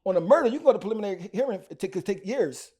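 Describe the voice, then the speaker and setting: A man with a Philly accent tells his story in quick, slangy bursts, doubling back and restarting often. His voice sits high but has a dark, mellow tone. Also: expressive, husky. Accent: Philadelphia. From Philadelphia. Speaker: rapper guest. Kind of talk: storytelling interview.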